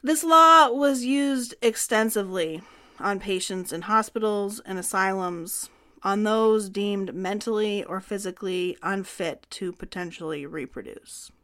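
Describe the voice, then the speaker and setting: A woman co-hosts a conversational history podcast in an earnest, explanatory tone. Her voice sits at a middle pitch and she talks through the material in a natural, unhurried way. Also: sharp tone. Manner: earnest, explanatory, reads quotes from laws. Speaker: podcast co-host.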